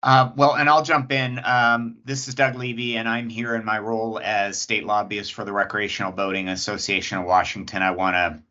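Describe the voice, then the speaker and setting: A man, speaking as a state lobbyist at an agency hearing, polite and measured with many pauses. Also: fairly low pitch, level tone, pushed and bright, muffled recording. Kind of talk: public comment at agency hearing.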